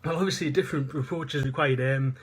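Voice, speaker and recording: A man's voice: medium pitch, steady tone, fast talker, slight background noise. A man with a Northeast English accent, a fitness coach giving a seminar talk and explaining things earnestly, repeating himself as he goes. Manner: earnest, repetitive explaining with fillers. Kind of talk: live online seminar talk.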